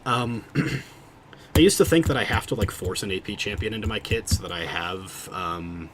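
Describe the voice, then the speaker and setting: A man streaming a video game, chatting casually with his viewers and thinking out loud, often cutting himself off mid-sentence. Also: fairly low pitch, moderate pace, background noise. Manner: rambling, self-interrupting, thinking out loud. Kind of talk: casual livestream chat while gaming.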